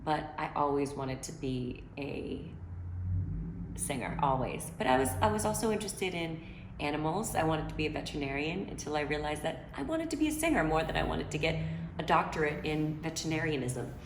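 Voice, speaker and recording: A woman's voice: low voice, lively intonation, a little fast, echoey room, background noise. A woman singer chatting from home as she answers fan questions, loose and slangy with plenty of filler. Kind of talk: casual chat. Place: her home.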